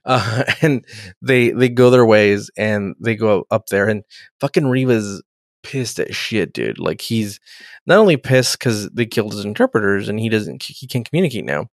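A man co-hosting a podcast, casually and profanely retelling scenes with animated energy. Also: on the low side, moderate pace, no echo, clean studio sound. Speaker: podcast co-host. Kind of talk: casual chat.

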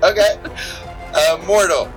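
A man narrating as game master, relaxed and chuckling, with plenty of fillers. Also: sits high, slow, over music, poor audio.

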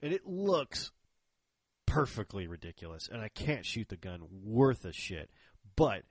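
Laughing low-voiced man telling a story. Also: very animated, measured pace, no echo. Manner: rambling storyteller, acts out quoted dialogue, laughs often. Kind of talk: casual chat.

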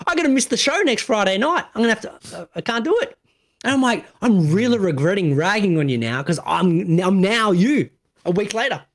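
Animated high-voiced man, swearing. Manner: animated, swears freely, does quick voices in stories. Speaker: podcast co-host. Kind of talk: casual podcast banter.

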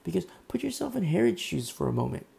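A hoarse man with a worn-out throat preaching a casual, rambling sermon, full of fillers and asides. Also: sits high, huge pitch swings, fast, a little mellow. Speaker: pastor.

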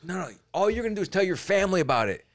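A man co-hosting a casual comedy podcast, animated and profane, bursting into loud mock-defiant outbursts. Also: high voice, rapid-fire, gravelly, crowd noise. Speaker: podcast co-host.

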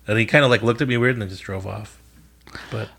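Podcast co-host, man with a lower pitch, laid-back, blunt anecdote teller. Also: fast, vocal fry, a bit bright, slightly rough. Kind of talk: casual chat.

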